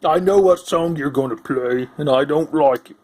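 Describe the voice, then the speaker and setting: A man voicing a dim, stubborn male cat-folk outlander who talks slowly and dopily. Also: fairly high pitch, a little mellow, close to an everyday voice. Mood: dopey. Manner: slow, dopey, stubborn.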